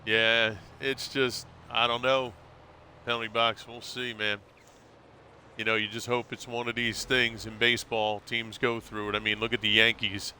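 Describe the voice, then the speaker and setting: A man's voice: mid-range voice, level tone, normal speed, bright, forceful tone, slight background noise. A man streaming live, chatting casually and rambling, calling his viewers bro. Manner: laid-back, rambling, calls viewers bro.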